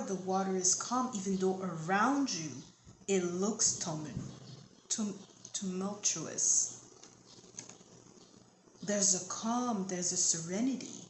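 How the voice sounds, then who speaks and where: Brief: calm tarot reader, woman, soothing and repetitive, echoey room with faint noise. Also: mid-range voice, slow, pauses often. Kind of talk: channeled tarot reading.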